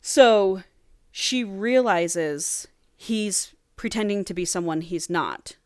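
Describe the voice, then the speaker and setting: A woman's voice: medium pitch, no echo. Woman cohost gushing thru a book recap, acts out all the lines, dry mic. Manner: animated retelling, quick voiced quotes of characters. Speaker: podcast co-host. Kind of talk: casual book recap chat.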